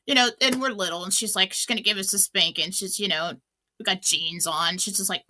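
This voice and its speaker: A woman's voice: mid-range voice, brisk, sharp tone, a little hiss or hum. A middle-aged woman hosting a radio talk show, telling stories in a chatty way, full of fillers and restarts. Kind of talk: casual inspirational talk.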